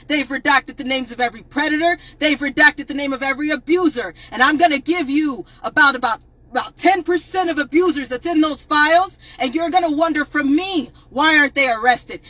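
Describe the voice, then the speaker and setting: A woman delivers a furious, profane rant live to her viewers, raising her voice into shouts again and again. Her voice sits high and sounds bright and sharp. The sound is dry, with no room echo. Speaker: advocate on a livestream. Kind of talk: impassioned livestream rant.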